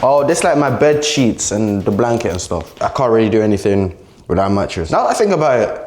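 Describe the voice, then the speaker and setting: A man's voice: fairly low pitch, very animated, fairly quick, darkish tone. A young man vlogging casually to camera while unpacking in an empty apartment, joking and chatty. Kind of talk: casual vlog talk to camera. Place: indoors in an empty apartment room. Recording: echoey bare room.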